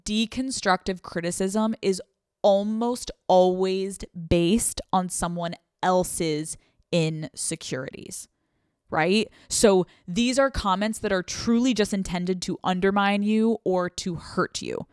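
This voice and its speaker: Brief: blunt, foul-mouthed woman podcast host at mid pitch, close mic, dry room. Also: slow, darkish tone, smooth, no echo. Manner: candid and profane, acts out quoted voices. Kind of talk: casual solo podcast advice talk.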